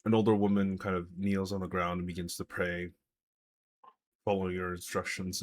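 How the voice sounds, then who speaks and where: Low, husky-voiced male game master. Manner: loose, hesitant narration full of likes and uhs. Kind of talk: narrating a tabletop game live.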